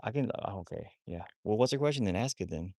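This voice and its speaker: A man's voice: fairly low pitch, animated, fast talker, dark tone, dry recording, studio quality. A man hosting a casual livestream about rescuing wolfdogs, rambling with many restarts while he talks to his dogs.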